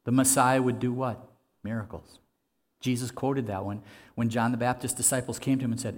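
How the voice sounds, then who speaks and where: A man's voice: mid-range voice, fairly even intonation, fairly quick. A man preaching a sermon in an earnest, conversational way, asking his listeners rhetorical questions. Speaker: pastor.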